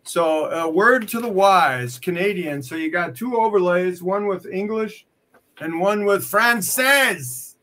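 A man's voice: sits high, unhurried, fairly bright tone. A man working as a comic art dealer, selling pieces on a live stream with playful, clowning banter and mock French. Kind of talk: joking live sales banter.

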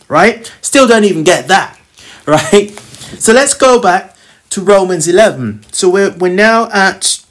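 Bible study teacher reading verses then explaining them loosely, keeps tacking on "right?", chuckles here and there. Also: mid-range voice. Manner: ends many phrases with a questioning "right?"; reads scripture aloud, then explains it in plain talk.

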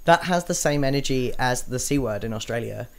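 A man with a mid-range voice co-hosts a casual radio show. He talks in a lively, opinionated way and happily rants about whatever comes up. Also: mid-range voice, creaky. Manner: lively, opinionated, quick to laugh and rant. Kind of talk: casual studio chat.

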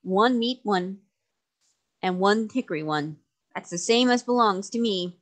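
A woman's voice: medium pitch, animated, unhurried, lightly acted. A woman doing a mumbling old sailor. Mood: musing. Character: old one-legged sailor, gruff and uneasy. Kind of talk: storybook reading.

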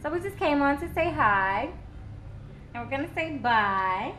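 A woman's voice: high voice, expressive, measured pace, a bit bright. A young woman vlogging at home, cooing baby talk to her infant son and chatting to her viewers. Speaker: vlogger and new mother. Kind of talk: casual home vlog. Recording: roomy echo, faint background noise.

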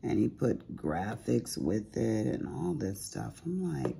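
A woman with a raspy, deep voice chatting casually to viewers at home while she does diamond painting, full of asides. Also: big pitch swings, slow, hardly any pauses, dark tone. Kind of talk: casual chat while crafting.

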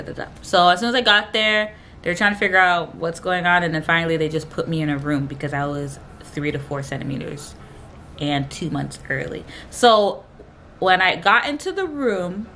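A woman's voice: moderate pace, pushed and bright, a little hiss or hum. Chatty young woman telling her story. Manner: chatty and rambling, fills gaps with "da, da, da" and "blah, blah"; acts out other people's lines in a much higher voice. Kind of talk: casual storytime chat.

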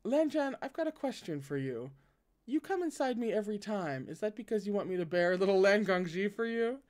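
A man's voice: high-pitched, sing-song, fairly quick, a little mellow, voice pushed up. A man doing a cheeky teasing young man.

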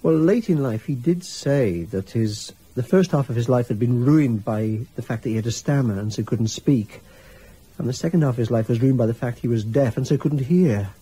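Give me a mellow, slightly husky man explaining like a lecturer. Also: mid-range voice, normal speed, poor audio. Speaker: university academic. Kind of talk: interview commentary.

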